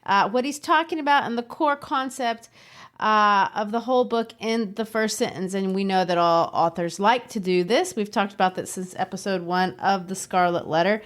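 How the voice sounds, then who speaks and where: A woman's voice: mid-range voice, moderate pace. A woman who teaches, co-hosting a literature podcast in an upbeat, chatty way and laughing easily. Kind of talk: casual literary discussion.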